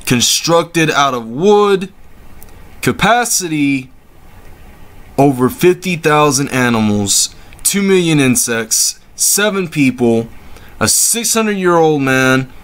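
A man's voice: medium pitch, expressive, slow pace, a bit bright. A man hosting comedic meme reactions, exclaiming and laughing in disbelief, sarcastic and swearing freely.

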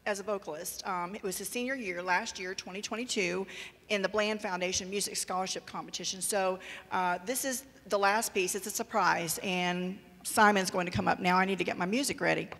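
A woman's voice: medium pitch, fairly even intonation, a little fast, a bit bright. Chatty woman announcing a recital. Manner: chatty, with fillers. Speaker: music teacher. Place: recital hall. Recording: hall reverb.

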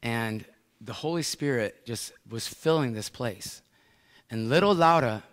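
American preacher guy telling a story from the pulpit, drops quiet then gets loud, echoey sanctuary. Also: medium pitch, normal speed. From United States. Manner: storytelling, lively swings from hushed to loud. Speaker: pastor. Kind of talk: sermon. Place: large church sanctuary. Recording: long church hall reverb.

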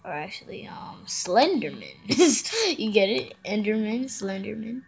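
Woman commentator for a gameplay video, unhurried delivery, giggly and chatty. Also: a little high, sing-song, creaky, faint music behind. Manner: giggly, chatty, talks to game animals.

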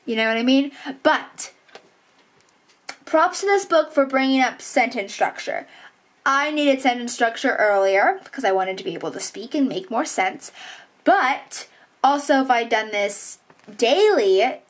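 A woman's voice: a little high, expressive, a little slow. An eighteen-year-old woman vlogging in a casual, rambling, self-deprecating way, full of filler words. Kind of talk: casual vlog chat.

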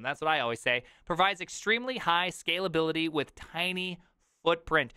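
A man in his thirties reacting to an article on a live stream, reading aloud and riffing with jokey, loud outbursts. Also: on the high side, normal speed, clear, resonant tone, no echo, studio quality. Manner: animated, jokey, reads aloud then riffs with loud outbursts.

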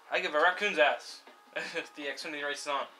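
A young man giving casual, excitable let's-play commentary while racing, swearing freely and cheering the cars on. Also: on the high side, moderate pace. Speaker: gameplay commentator. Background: game music and car engine sounds.

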